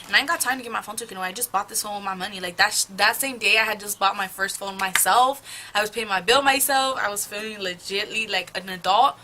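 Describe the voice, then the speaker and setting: A young adult beauty vlogger chats casually at home while doing her makeup, telling a rambling, profane, gossip-filled get-ready-with-me storytime. Her medium-pitched voice is quick, pushed and bright. The rough recording carries slight background noise.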